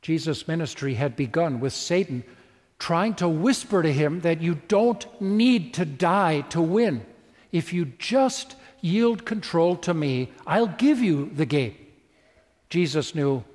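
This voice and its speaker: A male preacher retelling a story in a sermon, vivid and full of rhetorical questions. His voice sits fairly high for a man. Long reverb from a large hall trails each phrase. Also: darkish tone.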